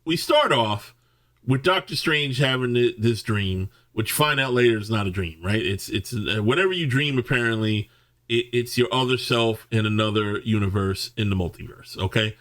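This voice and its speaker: A man's voice: medium pitch, normal speed, fairly bright tone. Stammering angry man ranting a movie review. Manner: profane, stammering restarts, many fillers. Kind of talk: ranting film review monologue.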